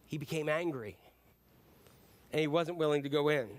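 A middle-aged male pastor with a noticeably high voice delivers a sermon. He talks in a loose, conversational way and acts out the lines of the Bible characters he reads. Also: normal speed.

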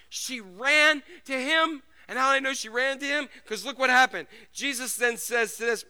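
A man's voice: extremely high pitch, normal speed. A man preaching a sermon as pastor, joking and acting out scenes. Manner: animated, joking, acts out scenes.

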